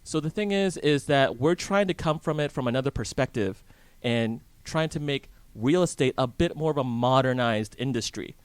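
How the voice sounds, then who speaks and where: Casual male interview guest, mid pitch, dry studio sound. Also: moderate pace, few pauses, clean tone, no echo. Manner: chatty, asks the hosts questions, restarts often. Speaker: real estate guest. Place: radio studio in a hotel.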